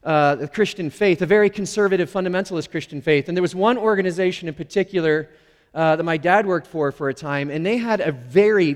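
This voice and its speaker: A middle-aged male pastor giving a conversational, candid sermon with playful, self-deprecating asides. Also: on the high side. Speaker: lead pastor. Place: church sanctuary. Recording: long reverb of a large hall.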